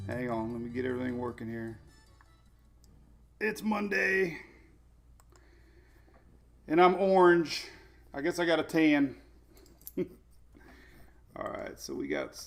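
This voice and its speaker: Laid-back, chuckling male livestream host. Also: fairly high pitch. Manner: laid-back, chatty, chuckles often, greets viewers by name. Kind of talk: casual live-stream chat. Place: at home with his dogs.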